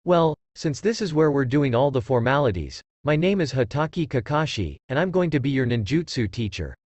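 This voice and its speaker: A man reading aloud and voicing a calm, aloof adult ninja teacher with a detached, unbothered manner. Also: medium pitch, brisk, no room sound.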